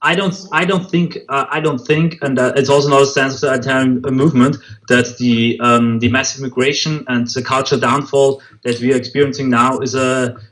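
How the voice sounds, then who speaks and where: Guy being interviewed, keeps stalling and restarting, average pitch. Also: fairly even intonation, fairly bright tone, poor audio. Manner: halting, searching for words, many restarts. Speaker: interview guest, movement spokesman. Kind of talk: interview answers.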